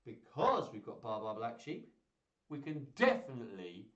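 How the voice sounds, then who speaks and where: A man hosts a live children's singalong from home and chats playfully to his toys and viewers. His voice is bright and swoops up and down a lot. The audio is roomy and slightly dull. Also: medium pitch, wildly swooping pitch, normal speed. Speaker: children's music show host. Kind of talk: live-streamed kids' singalong chat.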